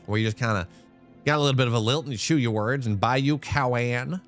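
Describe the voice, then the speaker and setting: A man's voice: medium pitch, racing, faint music behind. Chatty man casting an esports match. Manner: animated, chatty, rambling asides. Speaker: esports caster and streamer. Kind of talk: live-streamed esports commentary.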